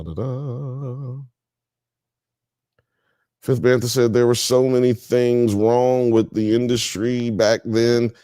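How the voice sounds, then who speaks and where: A man with a medium-pitched, slightly mellow voice hosts a live show, reading chat comments aloud and riffing on them. He's from the US South and Midwest and keeps things laid-back. The audio is studio quality with no echo.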